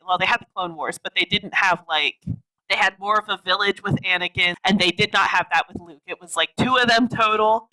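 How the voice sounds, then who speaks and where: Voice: mid-range voice, pushed and bright, recorded from a distance, poor audio. A podcast co-host chatting casually in a wry way, laughing often and swearing lightly. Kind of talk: casual chat.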